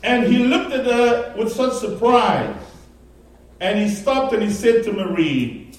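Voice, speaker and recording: A man preaching a sermon, telling a story with animated, emphatic delivery. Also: sits high, a little slow. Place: church sanctuary. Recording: very echoey, distant mic in a large room.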